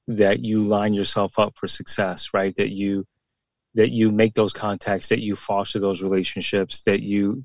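A man's voice: on the low side, dry recording, lo-fi sound. A former police officer in his forties, talking bluntly and emphatically in a casual podcast conversation, with plenty of swearing and repeated words.

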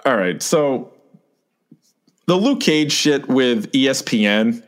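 A man's voice: animated, slow. A man in casual podcast chat, griping about a show and acting out lines in a jumping voice. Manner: exasperated, acts out quotes with pitch jumps. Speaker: podcast co-host.

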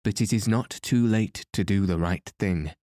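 A man reading a coldly calm masked madman. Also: lowish voice, no room sound, studio quality, close to an everyday voice. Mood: mocking. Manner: calm, deliberate, coldly mocking. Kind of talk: audiobook character reading.

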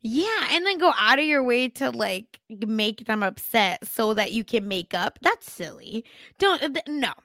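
A woman's voice: on the high side, sing-song, unhurried, a bit bright, no room sound. A young woman co-hosting a podcast, recapping a TV episode in casual chat with dramatic asides. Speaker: podcast co-host.

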